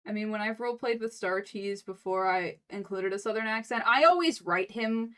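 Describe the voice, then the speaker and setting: A woman streaming a visual novel playthrough, reading narration and chatting excitably with plenty of swearing. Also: mid-range voice, moderate pace, clean tone. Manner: excitable, swears a lot, laughs often. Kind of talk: casual let's-play chat.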